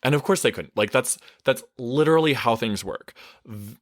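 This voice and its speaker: A man working as a life coach, telling a story in a chatty, expressive way, swearing now and then and correcting himself mid-sentence. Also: mid-range voice, moderate pace, dry recording, clean studio sound. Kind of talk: casual storytelling monologue.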